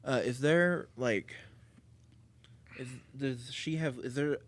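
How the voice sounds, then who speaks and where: A tabletop game player asking a question in halting, self-correcting bursts. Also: mid-range voice.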